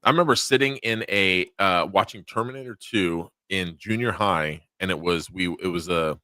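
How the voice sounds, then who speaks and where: A man's voice: sits low, moderate pace, bright, forceful tone, no echo, clean studio sound. A man co-hosting a casual chat show, telling stories in a crude, joking way. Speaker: podcast co-host.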